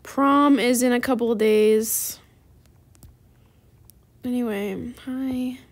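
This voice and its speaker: A woman's voice: on the high side, steady tone, slow pace. Tired chatty teen girl gamer. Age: teens. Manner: chatty, lots of "like", sighing and tired. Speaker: gaming YouTuber. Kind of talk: casual gameplay chat.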